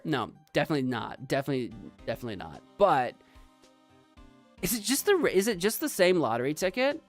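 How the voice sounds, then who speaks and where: Give me an animated male streamer narrating a game with playful banter and a very lively pitch. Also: brisk, faint music behind. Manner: playful, animated, talks to chat. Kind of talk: let's play commentary.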